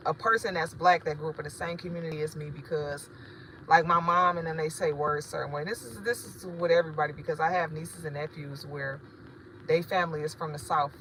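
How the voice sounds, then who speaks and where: A woman's voice: deep voice, fairly bright tone, slight background noise, low-quality recording. A woman, rambling casually and profanely to her livestream viewers as a spiritual shop owner. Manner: rambling, chatty, profane, addresses viewers directly.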